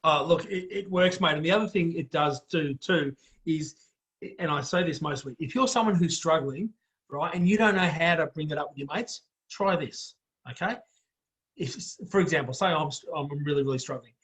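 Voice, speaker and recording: A man's voice: on the high side, moderate pace, a bit bright. An Australian man hosting a casual podcast chat, blunt and blokey, calling everyone mate. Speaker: host.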